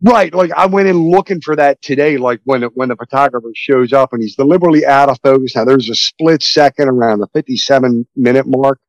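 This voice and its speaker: A male podcast host in loose movie talk, rambling and excitable, cursing freely. His voice sits at an ordinary pitch, and the sound is dry and close. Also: fairly quick, few pauses, no echo, muffled recording. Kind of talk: casual movie podcast chat.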